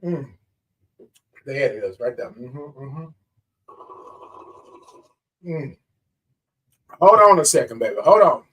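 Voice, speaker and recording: In a lively livestream greeting, a morning show host sings long good mornings and calls his viewers y'all and baby. His medium-pitched, slightly bright voice swings widely in pitch, moving slowly with frequent pauses, and it was recorded from a distance.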